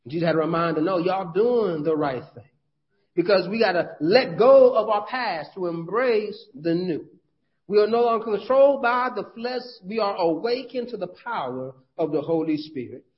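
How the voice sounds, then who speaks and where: Guy preaching in church, chatty folksy sermon, kinda high voice, muffled lo-fi audio. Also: expressive, normal speed. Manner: conversational, folksy preaching with frequent restarts. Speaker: pastor.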